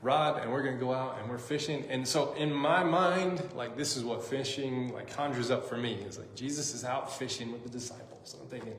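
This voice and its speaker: A man's voice: mid-range voice, brisk, hardly any pauses, a little hiss or hum. A man preaching a casual sermon as pastor, chatty and joking, with lots of "like" and "um" fillers. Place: church sanctuary. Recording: echoey church room, faint ambience.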